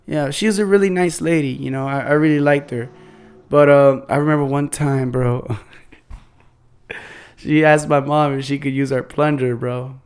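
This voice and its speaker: A man's voice: medium pitch, fairly even intonation, moderate pace, smooth. A young man hosting a podcast in a laid-back, casual way, laughing often and using slang. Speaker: podcast host. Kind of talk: casual chat.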